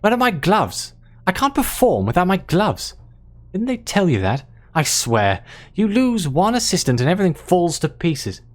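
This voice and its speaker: A man's voice: high-pitched, huge pitch swings, normal speed, pitched above the performer's own voice. A man voicing a fussy, impatient bald male stage magician with a posh English accent and a demanding manner. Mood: irritated. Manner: huffy, demanding.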